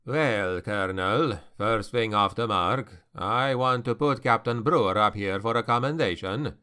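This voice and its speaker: Man putting on scottish accent, male colonel, deep, gentle, dry. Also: a little slow, clear, resonant tone. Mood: earnest. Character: gruff Scottish male mercenary colonel, fatherly.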